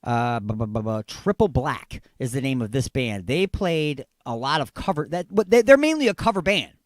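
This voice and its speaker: A man from the Detroit suburbs, hosting a radio show in a loud, rambling, ranting way. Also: mid-range voice, animated, moderate pace, no room sound. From Detroit suburbs, Michigan. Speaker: radio host. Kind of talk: rambling comic radio talk.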